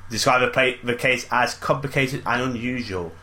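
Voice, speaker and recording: A man's voice: medium pitch, moderate pace, sharp tone. A man co-hosting a podcast, reading out news and chatting in a dry, matter-of-fact way. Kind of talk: casual chat and article reading.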